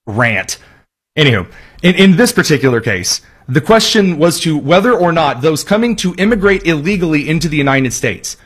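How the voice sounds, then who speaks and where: A man's voice: fairly high pitch, a bit bright, breathy edge. Sarcastic man hosting a political talk show. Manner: sarcastic, mocking. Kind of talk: opinion monologue.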